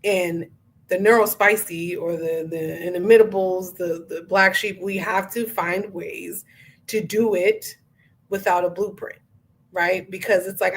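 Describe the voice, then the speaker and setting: A woman hosting a casual interview podcast, talking in an animated, chatty way and acting out inner voices with slang. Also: on the low side, measured pace. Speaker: podcast host.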